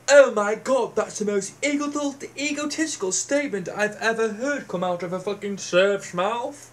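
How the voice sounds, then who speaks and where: A man's voice: sits high, normal speed, hardly any pauses. A man ranting to camera in a sweary, sneering, mocking manner. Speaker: vlogger. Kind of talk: profane rant to camera.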